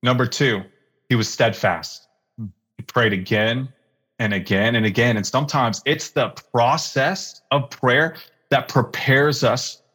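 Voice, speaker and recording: Man, thirties, pastor guest, husky voice, lively casual storytelling. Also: mid-range voice. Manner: animated storyteller with fillers, acts out quoted lines. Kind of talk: conversational storytelling in a podcast interview.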